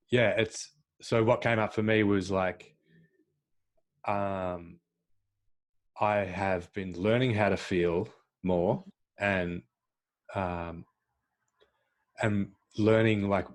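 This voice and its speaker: Brief: man, low-pitched podcast host, hesitant, fills pauses with ums and restarts, relaxed conversational telling. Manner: halting, frequent fillers and restarts.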